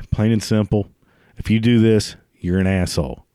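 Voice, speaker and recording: A man's voice: lowish voice, steady tone, normal speed, mellow, clear, resonant tone, no echo, studio quality. Man ranting, crude and swearing. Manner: crude, swears constantly, laughs at his own jokes. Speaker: ranting commentator. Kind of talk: profane comedic rant.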